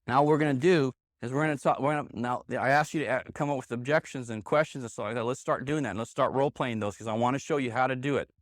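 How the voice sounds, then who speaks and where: A man with a mid-range voice runs a live sales seminar for a room of trainees, speaking quickly with few pauses. He's punchy and emphatic, hammering his key points over and over into a handheld mic in a meeting room with an audience. The recording is studio quality with no room sound.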